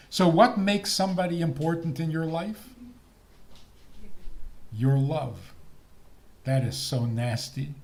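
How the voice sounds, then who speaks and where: An older man, a rabbi, giving a talk on faith and marriage in a teasing, deliberate manner. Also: mid-range voice. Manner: lively, teasing, slow deliberate delivery with laughs.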